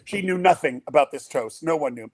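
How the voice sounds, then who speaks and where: A man's voice: on the high side, expressive, fairly quick. An older man, the father of the groom, telling a long wedding story on a podcast and acting out the quotes.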